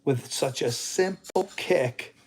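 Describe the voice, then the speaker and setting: Excitable man hosting a livestream. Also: medium pitch, slow pace, breathy edge. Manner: excitable, playful, keeps calling on his sidekick. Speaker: livestream host. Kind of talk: casual livestream chat.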